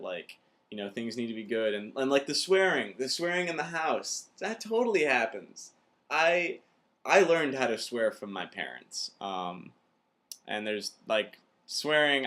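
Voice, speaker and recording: Young man from the Minneapolis area, low-ish voice, loose rambling vlog delivery. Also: a bit bright. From Minneapolis area, USA. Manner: rambling, heavy use of filler words like "like". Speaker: film reviewer. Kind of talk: casual vlog chat.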